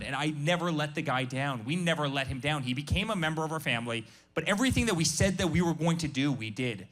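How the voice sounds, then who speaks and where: A man's voice: a little high, a bit bright. A man speaking as a guest business founder at a live workshop, emphatic and passionate, often repeating his words.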